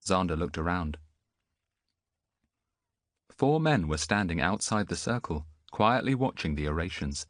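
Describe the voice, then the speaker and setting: A man reading an audiobook as the narrator, telling the story in an expressive way. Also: sits low, measured pace, long pauses, dry recording, studio quality. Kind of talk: scripted narration.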